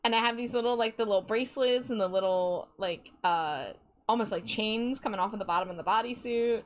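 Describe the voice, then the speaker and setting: A young livestreamer with a Midwestern accent banters playfully with her live chat and laughs a lot. She sounds on the high side and brisk.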